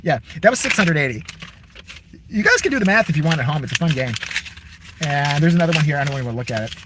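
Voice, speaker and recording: A man's voice: fairly high pitch, animated, quick pace, noisy background. Exasperated sweary man ranting from his car. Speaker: vlogger. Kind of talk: casual profane rant to camera.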